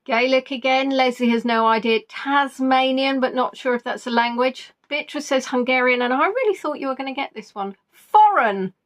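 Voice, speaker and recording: A woman's voice: high-pitched, moderate pace, hardly any pauses. A woman hosting a live-stream quiz in a chatty, giggly way, reading out viewers' answers and teasing them. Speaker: quiz host.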